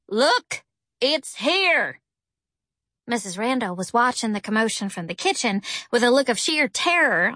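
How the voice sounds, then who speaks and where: Bright-voiced woman reading a story. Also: high voice, no room sound, clean studio sound. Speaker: audiobook narrator. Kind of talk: first-person story narration.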